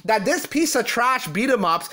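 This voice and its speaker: A man with a strikingly high voice rants at length, scornful and insulting. He mocks his target with sneering asides and keeps up an angry commentary throughout. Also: lively intonation, normal speed, pushed and bright. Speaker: ranting commentator. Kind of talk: angry rant.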